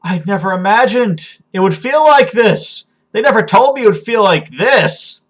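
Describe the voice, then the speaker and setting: A man's voice: on the high side, big pitch swings, drawn-out words, slightly rough, exaggerated voice. A man voicing a newly revived female flesh creature, stammering in breathless wonder at feeling love. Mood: rapturous.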